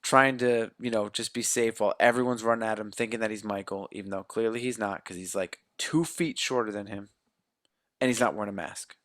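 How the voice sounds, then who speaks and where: Speaking a little fast in a lowish, somewhat bright voice with fairly even intonation, a podcast co-host casually retells a horror movie's plot, joking and rambling. The movie review chat has studio-quality sound and no echo.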